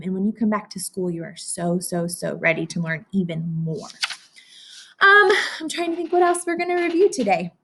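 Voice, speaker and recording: A young woman teaching small children, her voice swooping up and down in a lively, sing-song way. She speaks in an encouraging tone and pauses as if the kids could answer her. It sounds like a read-aloud lesson. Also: medium pitch.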